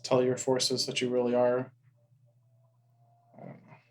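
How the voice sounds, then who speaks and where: A man's voice: mid-range voice, monotone, unhurried, soft background music. A man playing a tabletop game, talking in an offhand, hesitant way. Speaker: player. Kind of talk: casual tabletop play.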